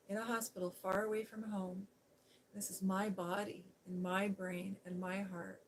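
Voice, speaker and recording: A woman hosting a Christian livestream, sharing a personal story in a soft, gentle, earnest voice that sometimes sinks to a near-whisper. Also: mid-range voice, a little hiss or hum, rough recording. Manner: drops to a near-whisper at times. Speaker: Christian ASMR livestream host. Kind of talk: softly spoken personal testimony on a livestream.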